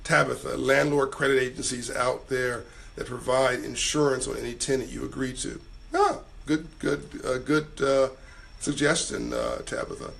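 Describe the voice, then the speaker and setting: A man hosting a live stream, hoarse and tired, giving motivational advice and reading out viewer comments in a casual way. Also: mid-range voice, steady tone, moderate pace, a bit bright. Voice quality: raspy. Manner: motivational, urges viewers to act.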